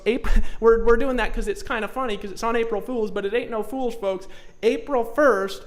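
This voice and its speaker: A man hosting a live stream and delivering an emphatic, repetitive sales pitch in a folksy, plain-spoken way. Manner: emphatic, repetitive, folksy, pushes the audience to commit. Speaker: online marketing trainer hosting a live stream.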